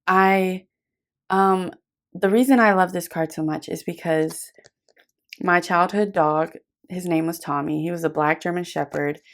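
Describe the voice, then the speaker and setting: A young woman giving a gentle, affectionate tarot reading straight to the viewer, rambling warmly with fillers and calling the listener "my love". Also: on the low side, steady tone, measured pace. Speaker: tarot reader. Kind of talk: intimate tarot reading to camera.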